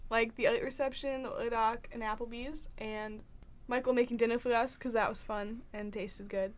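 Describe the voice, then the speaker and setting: A young woman co-hosting a casual podcast, chatty and quick to chime in with a laugh. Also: on the high side, bright, forceful tone. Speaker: podcast co-host. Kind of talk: casual chat.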